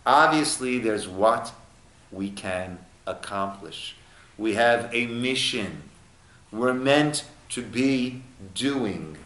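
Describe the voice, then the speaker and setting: Slow-talking rabbi, roomy echo. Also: male voice, medium pitch, animated, fairly bright tone. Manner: unhurried, acts out little dialogues. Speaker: rabbi teaching a class. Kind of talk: informal text study lesson. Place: echoey room at a lunch study group.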